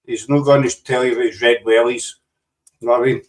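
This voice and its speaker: A man's voice: medium pitch, fairly even intonation, quick pace. Jokey Scottish man, distant mic. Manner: jokey, rambling, teasing banter. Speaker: show host. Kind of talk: casual live panel chat.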